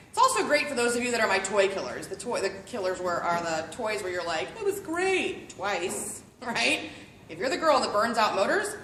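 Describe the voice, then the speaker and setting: A bubbly woman runs a live product demo for a group at a home party, chatty and playful. Her fairly high voice swings widely in pitch. The recording sounds roomy, with a faint murmur of guests behind her. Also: a bit bright, a little hiss or hum. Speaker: party sales consultant. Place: living room at a home party.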